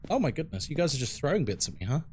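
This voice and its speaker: London guy streaming a game, chatting away with chat, bouncy pitch, bit higher voice, faint hum behind. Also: very animated, very fast. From England. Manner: chatty and frank, answers chat while playing.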